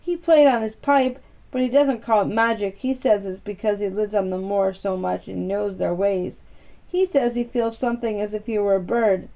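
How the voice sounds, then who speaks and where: A woman's voice: mid-range voice, steady tone, normal speed, dark tone, muffled recording, close to an everyday voice. A woman voicing a frank, contrary young girl who speaks plainly and earnestly, in a storybook reading.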